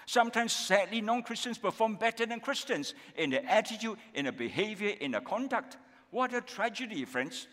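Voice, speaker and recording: A man's voice: sits high, lively intonation, moderate pace, a bit bright. A man with a Malaysian English accent preaching a sermon as pastor, often checking with the congregation through repeated rhetorical questions. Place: church hall. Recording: long hall reverb.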